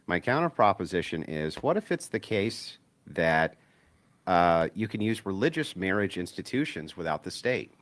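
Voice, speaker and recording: Very deep-voiced methodical male debater. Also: big pitch swings, fairly bright tone. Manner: measured, methodical arguing. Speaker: debate guest. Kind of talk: debate argument.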